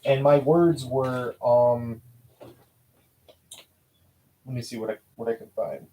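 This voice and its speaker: A man's voice: medium pitch, steady tone, takes it slowly, highs cut off. A man telling personal stories in a casual, heartfelt way, rambling and restarting often and swearing now and then. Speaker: vlogger recalling school newspaper interviews.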